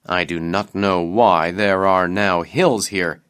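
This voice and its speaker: A man voicing a sultan in a storybook reading, puzzled and commanding, who speaks slowly and with care. The voice sits fairly low. It is plain and close to the reader's own voice. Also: steady tone, a bit bright, smooth. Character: troubled adult male sultan, puzzled and commanding.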